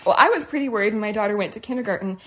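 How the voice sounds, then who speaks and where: A woman in her thirties, a mother co-hosting a podcast, telling a family story with quick jokes and frequent laughter. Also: mid-range voice, expressive, fairly bright tone. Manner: giggly, quick jokes, acts out quotes. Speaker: podcast co-host. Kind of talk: casual storytelling chat.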